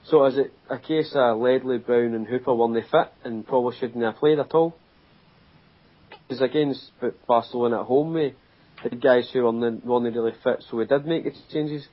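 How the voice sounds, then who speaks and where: A man's voice: mid-range voice, normal speed. Scottish guy, mid voice, matter-of-fact footy chat, dull lo-fi sound. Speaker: podcast co-host. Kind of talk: casual football chat.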